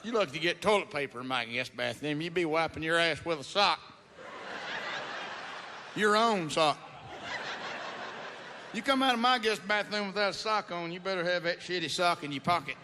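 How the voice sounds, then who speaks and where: A middle-aged stand-up comedian with a drawl spins a meandering, profanity-laced story. His voice sits high for a man. The live recording is noisy, with an audience laughing in the room. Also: expressive, normal speed, pauses often. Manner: profane, rambling, Southern drawl storytelling with acted-out quotes. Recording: noisy live venue sound.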